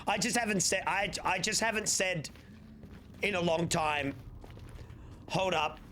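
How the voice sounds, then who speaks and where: A young Australian man with a high-pitched voice talks at a moderate pace, chatting casually to his stream chat. He rambles and swears freely over steady background noise.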